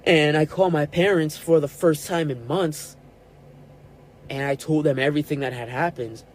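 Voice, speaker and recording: A man's voice: on the high side, normal speed, slight background noise, low-quality recording. A man in his twenties hosting a podcast, telling a personal story and acting out quoted arguments. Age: 20s. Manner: animated retelling with quoted dialogue. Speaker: podcast host.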